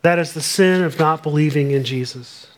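A man's voice: a little high, normal speed. A man preaching a sermon, explaining scripture verse by verse and reading passages aloud in an earnest way. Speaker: pastor.

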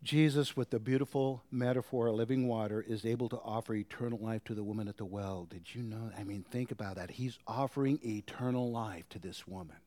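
A man preaching a sermon, asking the congregation rhetorical questions and swinging between forceful emphasis and hushed whispers. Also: fairly low pitch, fairly quick, hardly any pauses, no echo. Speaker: pastor.

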